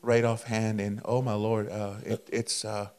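A man preaching as a guest, telling a testimony in a fervent, halting way, with many fillers and repeated words. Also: lowish voice, little pitch movement, a little mellow, clean tone. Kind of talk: testimony storytelling.

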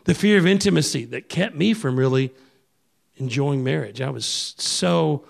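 Gravelly-voiced man preaching conversationally. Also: on the high side, moderate pace. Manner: conversational, acts out quoted voices. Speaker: pastor. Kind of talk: sermon.

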